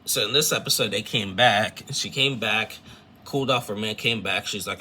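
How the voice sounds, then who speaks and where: A man's voice: on the low side, steady tone, brisk, pushed and bright, slight background noise. A man casually recapping a reality show episode, rambling with lots of fillers and retold quotes. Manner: rambling, filler-heavy, retells scenes with quotes.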